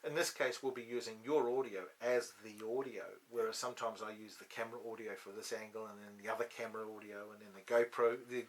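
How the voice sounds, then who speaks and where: A man's voice: fairly low pitch, fairly even intonation, quick pace, hardly any pauses. A man hosting a casual studio chat, rambling with many restarts and ums, on a studio microphone. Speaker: host. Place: podcast studio.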